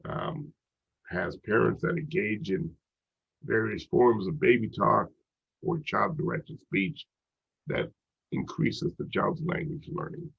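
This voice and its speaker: A man's voice: fairly low pitch, slow, creaky, slightly rough, muffled recording. A man teaching a recorded college psychology lecture, talking conversationally with frequent ums and restarts.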